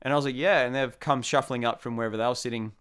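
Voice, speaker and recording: A young Australian man telling a casual anecdote, acting out the quotes in a lively way. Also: medium pitch, racing, clear, resonant tone. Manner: animated, acts out quotes. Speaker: storyteller guest.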